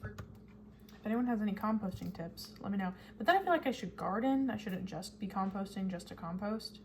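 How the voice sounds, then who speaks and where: A woman's voice: medium pitch, lively intonation, moderate pace, darkish tone, slight background noise. A young woman vlogger chatting casually and rambling in a self-mocking way while she cooks at home. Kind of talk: casual chat. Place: home kitchen while cooking.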